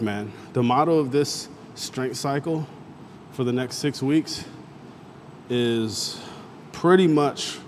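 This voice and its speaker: A man's voice: mid-range voice, darkish tone, slight background noise. A man talking casually to the camera between heavy squat sets at the gym. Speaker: fitness vlogger. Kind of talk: casual gym vlog talk.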